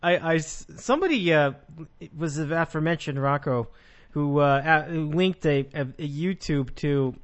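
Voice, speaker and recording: A man's voice: fairly high pitch, animated, moderate pace. A man hosting a casual sports podcast, talking in a rambling way with frequent restarts. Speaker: podcast host.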